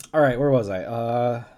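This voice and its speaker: A man's voice: mid-range voice, a little mellow. Male streamer, casual read-aloud, giggly, trips over words. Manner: giggly, stumbles and restarts often. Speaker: streamer reading a novel aloud.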